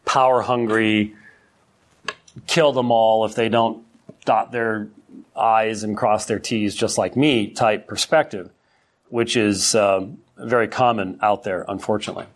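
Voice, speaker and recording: A man's voice: on the low side, steady tone, unhurried. A middle-aged man teaching a church history Sunday school class in a conversational way, with many fillers and restarts.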